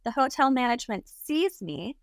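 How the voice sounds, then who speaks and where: A woman's voice: a little high, big pitch swings, normal speed, no room sound, studio quality. A young adult woman, a guest on an interview show, telling a personal story casually and filling it with lots of "like". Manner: chatty, heavy use of "like" fillers.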